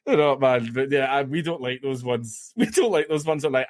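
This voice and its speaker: Appearing as a podcast guest, a Scottish man tells stories in casual chat, mocking people and animatedly acting out their words. His medium-pitched voice is brisk, with hardly any pauses. The sound is clean studio audio with no echo.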